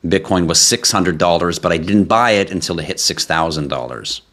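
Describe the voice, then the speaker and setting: A man's voice: low voice, normal speed, a bit bright. A man hosting a live stream, chatting casually and with animation straight to his viewers. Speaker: livestream host.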